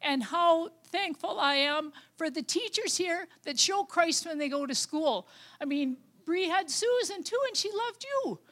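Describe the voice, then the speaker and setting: Older woman, high-pitched, speaking to her congregation in a warm, rambling, heartfelt way with lots of pauses and restarts. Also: expressive. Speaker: lay speaker at church. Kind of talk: informal church talk and testimony.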